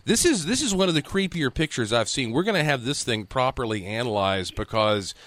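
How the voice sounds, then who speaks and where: Bright-voiced radio host. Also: male voice, mid-range voice, lively intonation, brisk, no echo. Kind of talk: radio call-in interview.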